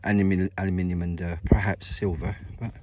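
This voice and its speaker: A man's voice: deep voice, flat delivery, fast, dark tone, dry recording, highs cut off. A middle-aged man with a West Country accent, chatting to viewers while metal detecting in an open field. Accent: English West Country. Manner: chatty, addresses viewers as mate and guys. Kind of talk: casual outdoor commentary. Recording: noisy outdoor field recording.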